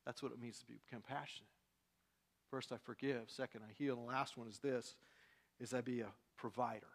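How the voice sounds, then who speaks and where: A male pastor preaching a sermon, swinging from loud, emphatic lines to quiet, personal confiding. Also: mid-range voice, fairly even intonation, brisk, creaky.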